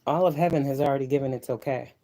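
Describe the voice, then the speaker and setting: Woman tarot reader on a live stream: mellow, warm tone, emotional and preachy, drops to soft near-whispers. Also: rumbling low, rapid-fire, poor audio. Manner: emotional, preachy, repetitive affirmations, swears.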